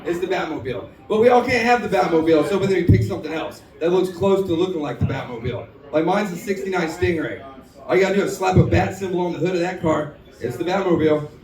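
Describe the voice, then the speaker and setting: A man's voice: high voice, fast, darkish tone. A man doing a stand-up comedy set on a bar stage, telling jokes in a self-deprecating, drawling way. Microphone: handheld stage mic. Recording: echoey bar from far off with crowd.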